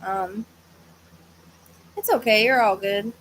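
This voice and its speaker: A woman's voice: mid-range voice, slow pace, a bit bright, a little hiss or hum, rough recording. A woman hosting a psychic livestream, chatting casually in a tired, hesitant, rambling way with many fillers, yawning at times. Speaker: psychic medium livestream host. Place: at home with a fan running.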